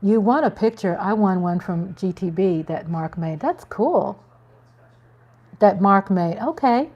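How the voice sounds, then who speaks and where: Chatty, excitable woman live-streaming. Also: medium pitch, a little slow, dull audio. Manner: chatty, excitable, rambling with many restarts and laughs. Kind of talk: casual chat to live viewers.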